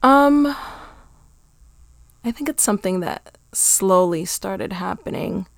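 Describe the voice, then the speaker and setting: A woman teacher talking in a calm, matter-of-fact way in casual conversation. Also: medium pitch, slow, creaky, no room sound, studio quality.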